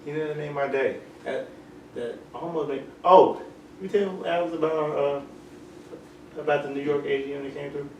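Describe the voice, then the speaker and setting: A man's voice: fairly high pitch, fairly even intonation, normal speed. A man, a podcast co-host in loose, profane casual chat. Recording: roomy, distant mic, audible noise.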